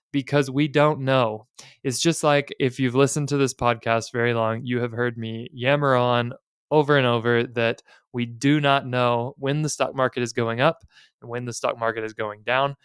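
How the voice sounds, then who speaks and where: A man's voice: mid-range voice, fairly bright tone, clear, resonant tone, dry recording. Male podcast host, 40s, wry and conversational; very clean, resonant voice recorded dry. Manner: plain-spoken, conversational, wry. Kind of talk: casual podcast monologue.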